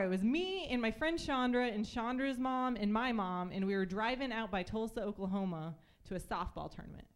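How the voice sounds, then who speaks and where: A woman's voice: medium pitch, smooth. A young woman telling stories in a stand-up comedy set on a club stage, chatty with lots of fillers and acted-out voices.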